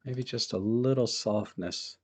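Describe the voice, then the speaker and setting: A man hosting a live photo-editing stream, thinking aloud in a relaxed, chatty way as he works and greets viewers in the chat. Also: medium pitch, measured pace.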